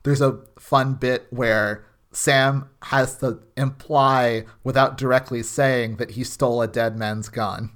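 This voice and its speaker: A man's voice: medium pitch, fairly even intonation, takes it slowly, fairly bright tone. A man co-hosting a podcast, recapping a TV episode in a rambling, casual way with many restarts. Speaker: podcast co-host. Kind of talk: casual chat.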